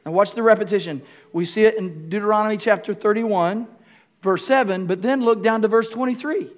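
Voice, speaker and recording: High-voiced preaching man. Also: brisk. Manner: preaching, repeats phrases, rises to shouting. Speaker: pastor. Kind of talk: sermon. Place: church room with congregation.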